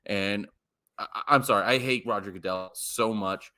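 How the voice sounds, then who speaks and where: A man's voice: on the low side, normal speed, bright, forceful tone. A young man co-hosting a podcast, ranting in casual chat, swearing and stumbling over his words when heated. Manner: heated, profane, stammering restarts. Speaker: podcast co-host. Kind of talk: casual sports rant.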